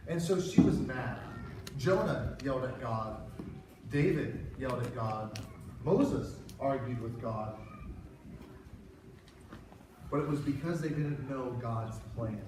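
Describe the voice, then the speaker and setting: A man telling a Bible story to children as a children's pastor, acting out each character's lines. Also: on the high side. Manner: animated, acts out the voices in the story. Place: church hall. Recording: echoey hall, far from the mic, with background noise.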